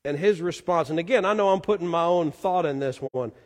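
A male pastor delivering a Sunday sermon with a high-pitched voice. He is earnest and builds to loud emphasis before dropping to quiet appeals. The sound carries a long reverb from the church sanctuary. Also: brisk. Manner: earnest, swells loud then drops quiet.

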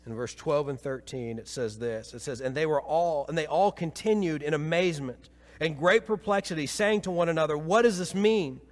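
A man preaching a sermon as pastor, swinging from emphatic peaks to quiet low passages. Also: moderate pace. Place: church sanctuary. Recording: long reverb of a church hall.

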